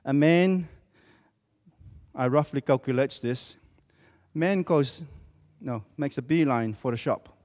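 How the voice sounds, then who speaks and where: A man delivering a sermon at a very slow, deliberate pace, his voice carrying a long church-hall reverb. He leans on key words and repeats them for emphasis, in a mid-pitched voice. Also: a little mellow. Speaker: preacher.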